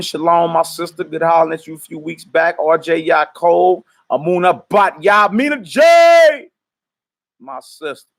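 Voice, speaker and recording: A man running a ministry livestream, greeting viewers one after another in loose, easygoing street slang. His voice sits fairly high for a man. In the prayer he calls out each line loudly so the room can repeat it. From United States. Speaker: minister leading a live-streamed teaching. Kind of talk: casual shout-outs and call-and-response prayer leading.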